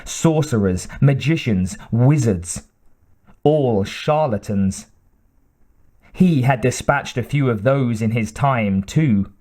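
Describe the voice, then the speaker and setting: A man narrating an audiobook in a measured, dramatic way with deliberate pauses. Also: medium pitch, expressive, mellow.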